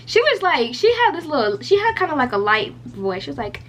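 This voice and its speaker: A woman's voice: high voice, big pitch swings, moderate pace, fairly bright tone. Chatty young woman telling a storytime. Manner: chatty, lots of "like" fillers, candid and profane. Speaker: beauty vlogger. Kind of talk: casual storytime.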